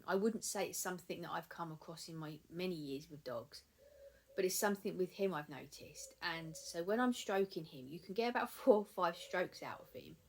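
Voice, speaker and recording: A woman giving calm, chatty dog-training advice in a vlog, often repeating herself for emphasis. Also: fairly low pitch. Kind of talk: casual instructional vlog.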